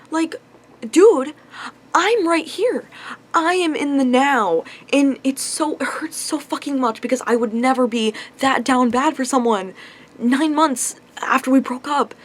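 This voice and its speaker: A young woman venting about her love life in a confessional vlog, frustrated and upset, sighing often. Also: high voice. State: upset, on the verge of tears. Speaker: vlogger.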